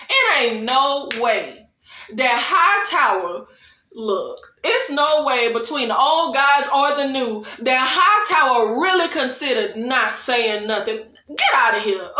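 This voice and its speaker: A young woman reviews a TV episode with sass and expression, laughing often and calling viewers "y'all" and "baby" in her casual, animated recap. Her voice is high and unhurried, recorded in an echoey room.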